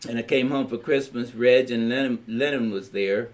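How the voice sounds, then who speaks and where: An older man from Louisiana speaks at a normal speed in a mid-range voice with a Louisiana accent. For a family history recording, he rambles through his life story in plain terms, acting out the conversations he remembers.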